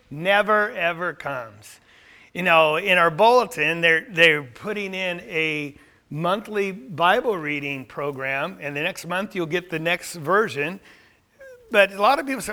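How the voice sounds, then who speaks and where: A man preaching a sermon to his congregation, emphatic and building to forceful peaks, often repeating words and restarting phrases. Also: high-pitched. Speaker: pastor.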